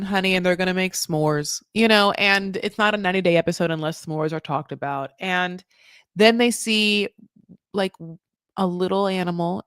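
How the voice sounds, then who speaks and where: A woman hosting a casual recap podcast, animated and sarcastic, swinging between loud outbursts and muttered asides. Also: medium pitch, smooth, no room sound, clean studio sound. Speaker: podcast host.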